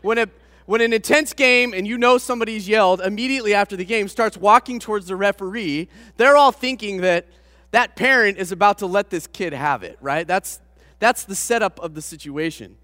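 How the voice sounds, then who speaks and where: A man with a high, bright voice tells a sermon story with lively, self-mocking humor. His voice carries a long reverb, as from a large hall. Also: a little fast. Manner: animated anecdote with self-deprecating humor. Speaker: pastor.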